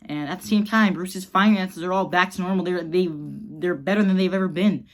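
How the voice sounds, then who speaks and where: A woman pitching a fan movie idea in a rambling, excited way, full of fillers. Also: moderate pace. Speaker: channel host.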